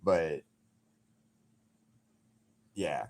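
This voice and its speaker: A middle-aged man from Alabama with a very low, deep voice chats loosely with his livestream viewers. He rambles from thought to thought and swears without a second thought. The sound is close and dry. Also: animated, extremely slow, vocal fry, a little mellow, no echo. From Alabama, USA. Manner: rambling, swears freely, talks straight to chat. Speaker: painter talking to viewers on a livestream. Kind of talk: casual livestream chat.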